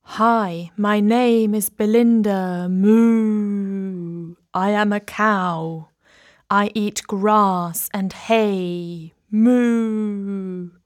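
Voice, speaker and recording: Slow placid cow that moos, dry storybook voice, a woman doing it. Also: medium pitch, steady tone, no room sound. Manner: slow, mooing. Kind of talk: storybook voice for a language lesson.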